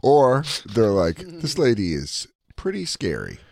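A man's voice: mid-range voice, wildly swooping pitch, a little slow, gravelly, darkish tone. A man co-hosting a podcast, reacting in casual chat with wry jokes. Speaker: podcast co-host.

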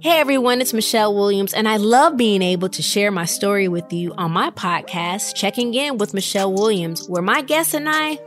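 A woman hosting her own podcast, reading an upbeat, inviting promotional spot. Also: mid-range voice. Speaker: podcast host in an ad.

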